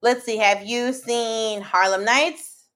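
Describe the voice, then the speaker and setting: Funny lady guest on a podcast, kinda high voice, acts everything out, lots of "girl" and "like". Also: fairly even intonation, takes it slowly, a bit bright. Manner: playful, acts out her reactions with lots of "like" and "girl". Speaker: comedian and podcast host, guest. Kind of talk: animated casual conversation.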